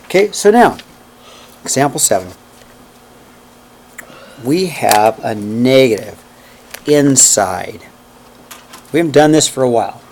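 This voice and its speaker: Guy teaching math in a classroom, counts steps out loud, keeps asking okay? right?. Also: mid-range voice, sing-song, takes it slowly, long pauses, slight background noise. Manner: repeats points and checks in with "okay?" and "right?"; counts out steps aloud while working. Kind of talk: classroom lecture.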